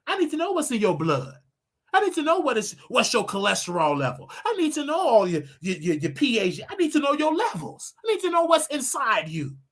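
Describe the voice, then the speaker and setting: A man hosting his own show, ranting and preaching to his audience in a casual, animated way with loud outbursts. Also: very high voice, fairly quick. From United States. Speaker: show host. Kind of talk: casual livestream rant.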